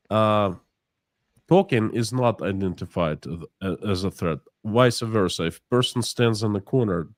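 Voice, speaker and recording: A man's voice: fairly low pitch, no room sound. A man from Russia, talking in a casual interview and acting out small exchanges as he explains. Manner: animated storyteller, acts out dialogue, many restarts. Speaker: guest.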